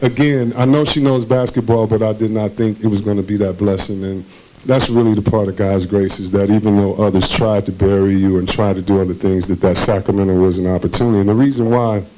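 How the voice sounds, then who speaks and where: Speaking in a fairly low, mellow voice, a former basketball player shares stories during an on-stage conference interview. He's casual and animated, mimics the voices of those he quotes, and laughs often, all over a rough recording with slight hiss or hum.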